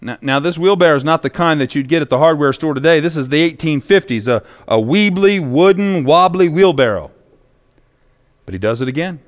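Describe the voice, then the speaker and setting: A man's voice: a little high, animated, fairly quick. A male pastor preaching a sermon in a church, telling stories with emphatic repetition. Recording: long echoey reverb.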